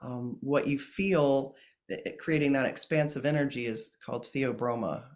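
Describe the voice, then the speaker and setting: A man speaking as a guest in a casual interview about ceremonies, gentle and earnest, with many pauses and restarts. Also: mid-range voice. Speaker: plant medicine ceremonialist guest.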